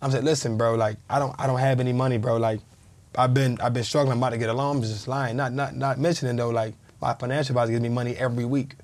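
Fast-talking man telling a story. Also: medium pitch, steady tone, a little mellow. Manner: vivid storyteller who acts out quoted dialogue. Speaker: podcast guest, former pro football player. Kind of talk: casual conversational storytelling.

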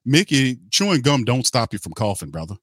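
A man's voice: mid-range voice, sing-song, fairly quick, fairly bright tone, slightly rough, no room sound. A middle-aged man hosting a sports podcast, ranting bluntly and heatedly, swearing and repeating himself. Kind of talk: opinionated sports talk.

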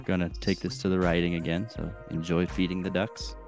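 A low-voiced man hosts a casual podcast quiz, upbeat and steady. He reads out questions and tallies scores. Faint music plays under his voice. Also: brisk. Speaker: podcast host and quizmaster.

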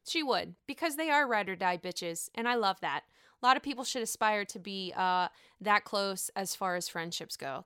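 Bright, blunt woman recapping reality TV. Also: mid-range voice, clean tone, no echo, studio quality. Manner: blunt, profane, animated. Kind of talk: casual opinionated recap.

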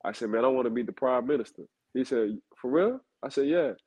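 A man, talking football as a co-host at a middle pitch. He tells stories in a loose, casual way and says names over and over to drive a point home. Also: fast, mellow, rough recording. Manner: storytelling, repeats names for emphasis. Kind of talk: casual chat.

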